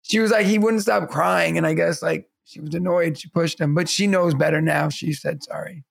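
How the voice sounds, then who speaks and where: A man co-hosting a podcast, chatting casually and laughing through animated stories about his students and kids. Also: on the high side, brisk, vocal fry, breathy edge. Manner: laughing storyteller, animated anecdotes. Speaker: podcast co-host. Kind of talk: casual chat.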